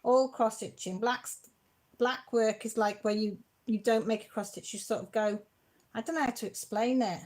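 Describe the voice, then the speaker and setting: A woman's voice: fairly high pitch, steady tone, normal speed. A woman hosting a casual live-stream craft chat from home, chatty and emotional, close to tears as she thanks viewers. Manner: chatty, warm-hearted, emotional and teary. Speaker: craft channel host.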